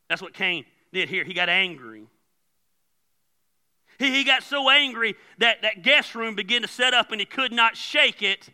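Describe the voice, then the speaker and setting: Bright, high-voiced preaching man. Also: normal speed. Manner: animated, often repeats words as he starts a phrase. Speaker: pastor. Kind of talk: sermon. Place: church.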